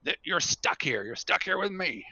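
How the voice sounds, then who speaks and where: A man's voice: high-pitched, big pitch swings, moderate pace, bright, forceful tone, slightly rough, no echo, lo-fi sound, voice pushed up, heavily acted. A man voicing Chester, an irritable, foul-mouthed man who talks in curt, exasperated bursts.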